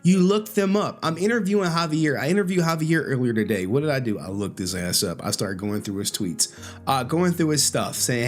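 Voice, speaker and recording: A man's voice: mid-range voice, lively intonation, a little fast, faint music behind. A man streaming from home, giving blunt, profane commentary on an interview clip. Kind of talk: casual commentary. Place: home, late at night.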